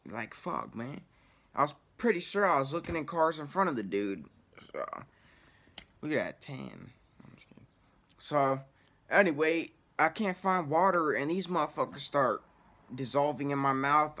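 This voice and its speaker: A man's voice: medium pitch, sharp tone. A man telling a story casually, in rambling, profanity-heavy slang. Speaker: vlogger.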